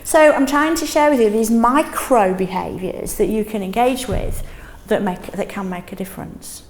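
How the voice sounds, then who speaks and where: A middle-aged woman leading a teaching workshop in a classroom, lively, often checking in with "yes?". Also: medium pitch, moderate pace, echoey room. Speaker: teaching trainer.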